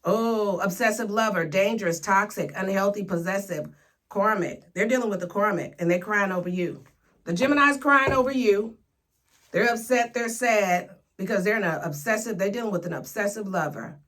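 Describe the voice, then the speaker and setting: A woman's voice: mid-range voice, moderate pace, fairly bright tone. A woman giving a casual, sassy tarot reading, talking straight to her viewers with playful slang. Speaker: tarot reader.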